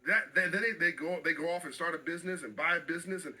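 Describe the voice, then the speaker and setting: A man's voice: fairly high pitch, quick pace, sharp tone, poor audio. A middle-aged man speaking as an interview guest, passionate and emphatic, often repeating phrases for stress.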